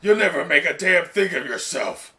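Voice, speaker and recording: A man's voice: a little high, lively intonation, moderate pace, background noise, pitched above the performer's own voice, natural voice. A man playing a sneering young fire villain. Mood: taunting. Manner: sneering, mocking. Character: brash taunting young male fire villain.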